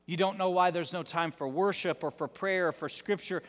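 A male pastor giving a sermon in an emphatic, repetitive style, dropping into soft tones for effect. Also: high-pitched, moderate pace. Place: large church. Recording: long reverb of a large church.

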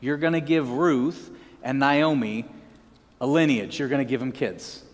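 In a big-sounding room, a man with a mid-range voice delivers a pastor's sermon a little slowly. He stays lively throughout, slipping in joking asides and cueing the congregation to repeat after him.

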